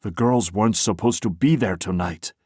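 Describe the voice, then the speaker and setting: A man's voice: fairly low pitch, unhurried, darkish tone, no room sound, studio quality, close to an everyday voice. A man voicing a weary police chief who speaks firmly and bluntly. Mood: grim. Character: tired, blunt middle-aged police chief. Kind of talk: audiobook character voice.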